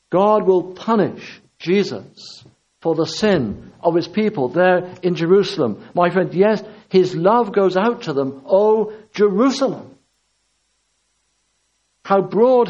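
Male preacher, high voice, fervent repeated refrains, dull lo-fi recording. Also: darkish tone. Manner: impassioned, repetitive emphatic preaching. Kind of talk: sermon.

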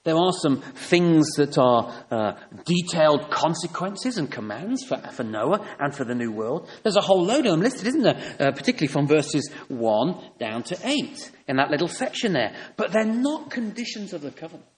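A man's voice: fairly high pitch, big pitch swings, normal speed, hardly any pauses. A man preaching a sermon, emphatic and fond of rhetorical tag questions. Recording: long reverb in a hall.

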